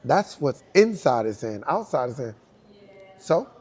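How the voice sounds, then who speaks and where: A man's voice: medium pitch, big pitch swings, normal speed, a little mellow, husky. A man with a New York accent telling a story in an interview, acting out voices and sounds, swearing and laughing as he goes. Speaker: guest, dancer. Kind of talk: animated storytelling.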